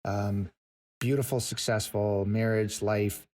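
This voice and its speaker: Earnest low-voiced man telling a story. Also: flat delivery, a little mellow. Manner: earnest, slows for emphasis, repeats words. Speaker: guest, author. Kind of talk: emotional storytelling in conversation.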